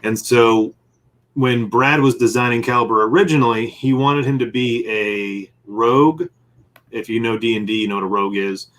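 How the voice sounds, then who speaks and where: A comic publisher, appearing as a guest and known as his group's game master, rambles through a long story while sketching during a casual interview, acting out bits of dialogue. His mid-range voice moves at normal speed with a slightly bright tone.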